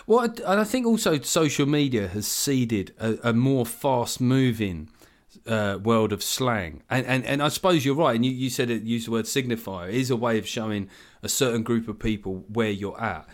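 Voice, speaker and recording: A man's voice: mid-range voice, lively intonation, normal speed. Wry ranting man in his forties. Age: 40s. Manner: wry, ranting, mimics others in quoted voices. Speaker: comedian guest. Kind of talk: casual podcast chat.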